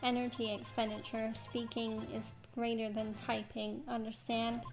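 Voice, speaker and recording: A woman's voice: a little high, little pitch movement, moderate pace, natural voice. A woman voicing a terse male bomb disposal expert who talks in clipped, robotic phrases over game music.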